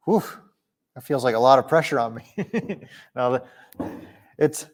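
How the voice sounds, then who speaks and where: A young man from Minnesota hosting a casual livestream Q&A, chatty and quick to laugh. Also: mid-range voice, lively intonation. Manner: chatty, laughs often, restarts sentences. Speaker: livestream host. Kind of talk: casual live Q&A. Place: home, indoors.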